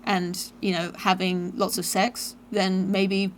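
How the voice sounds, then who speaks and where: A woman hosting a casual chat. She talks in a relaxed, hesitant way, with plenty of fillers and frequent laughter. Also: mid-range voice, takes it slowly, a little hiss or hum. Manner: chatty, laughs often, hesitant with many fillers. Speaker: host.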